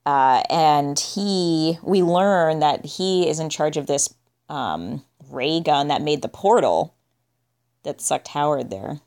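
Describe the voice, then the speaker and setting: Low-pitched woman, casual podcast co-host, dry and offhand. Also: slow, a little mellow. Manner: dry, musing, trails off with "I guess". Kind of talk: casual movie discussion.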